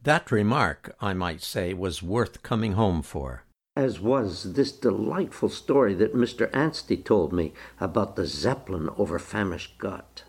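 A man narrating a memoir in an even, measured storytelling manner. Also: deep voice, breathy edge. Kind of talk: reading a memoir aloud.

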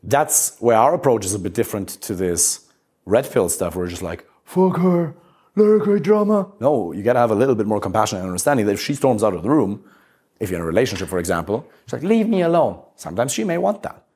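A husky-voiced man coaching a group on relationships, his pitch swinging widely as he drives each point home. He talks bluntly and swears freely, with an emphatic, energetic delivery. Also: fast talker. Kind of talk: talk to a live group.

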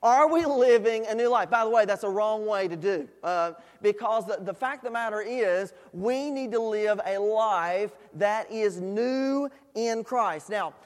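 A man's voice: sits high, measured pace, few pauses, big-room sound. A man preaching a sermon to a church congregation, in a conversational style full of fillers, rising to emphatic questions. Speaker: pastor. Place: church sanctuary.

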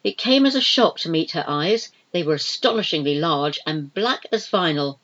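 Woman reading a novel aloud, expressive and measured, kinda muffled audio. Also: deep voice. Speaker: audiobook narrator. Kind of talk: scripted narration.

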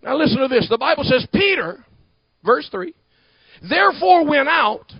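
A man preaching a sermon to a congregation, talking back and forth with them and building to shouted emphasis. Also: very high-pitched, animated, moderate pace, gravelly, no room sound, highs cut off. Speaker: pastor.

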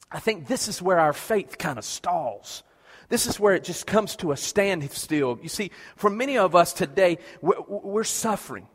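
A man's voice: fairly high pitch, husky, in a large hall. A man preaching a passionate sermon as pastor, repeating questions and stammering through restarts.

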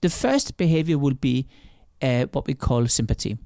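In a conversational interview, a male author explains his thinking with stories, examples and acted-out quotations, frequently repeating words and restarting. His medium-pitched voice is gravelly, dark and expressive, delivered at normal speed. It's a studio-quality recording with no room sound.

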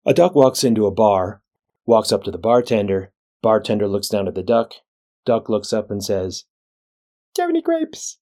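A man who is a physician and the show's host reads a scripted weekly recap in a measured, plain way, with a dry sense of humor. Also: lowish voice, dark tone. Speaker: physician leader and podcast host.

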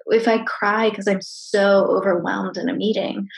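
A woman therapist talking casually and candidly about emotions, chatty and animated, swearing freely. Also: medium pitch, measured pace, vocal fry, rough recording. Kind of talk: casual conversation.

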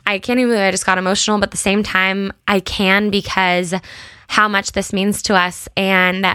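A woman's voice: medium pitch, flat delivery, normal speed, pushed and bright, clear, resonant tone, dry recording. A young woman from the United States tells her own story to viewers in an earnest, emotional way, close to tears at times as a small brand founder. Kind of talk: personal story to camera.

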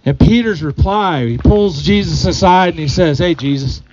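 A man's voice: high-pitched, normal speed, darkish tone, highs cut off, slight background noise. A man preaching a sermon to his congregation, earnest, often repeating phrases and putting questions to the people. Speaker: pastor.

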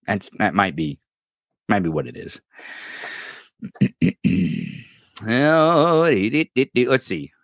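A man's voice: on the low side, slow pace, vocal fry, pauses often, no echo, studio quality. A man hosting a political podcast, ranting casually with lots of profanity, rambling and stumbling over his words. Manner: profane, rambling, animated, laughs and stumbles often. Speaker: podcast host.

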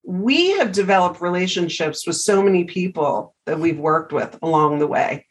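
A middle-aged woman hosts an interview show with a fairly low voice. She talks in a chatty, easy way and tells her anecdotes with lively energy. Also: normal speed, low-quality recording. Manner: chatty storyteller, animated anecdotes. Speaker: podcast host. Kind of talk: casual interview chat.

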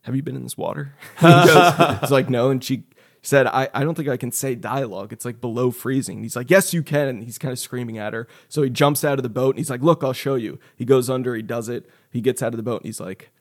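A man co-hosting a casual podcast about a film, talking in an animated way and laughing as he retells stories. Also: medium pitch, quick pace. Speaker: podcast co-host.

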